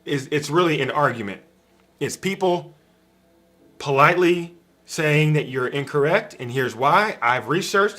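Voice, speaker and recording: A man's voice: fairly high pitch, lively intonation, measured pace, bright, forceful tone. A man giving an informal spiritual teaching on a live stream from a room at home, repetitive and emphatic, speaking straight to his viewers. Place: home room with a dog bed in the corner.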